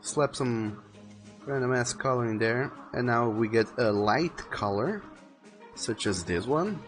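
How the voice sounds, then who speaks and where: A man's voice: mid-range voice, expressive, unhurried. A man chatting casually while drawing on a live stream, rambling and thinking aloud, often repeating words as he goes. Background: faint music playing.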